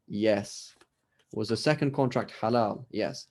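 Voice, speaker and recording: A man's voice: medium pitch, moderate pace, a little mellow. A man with a British accent teaching a class over a video call, chatty, often asking "right?" and acting out short exchanges. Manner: conversational, keeps asking "right?" and acts out little dialogues. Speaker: Islamic scholar teaching a class. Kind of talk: lecture.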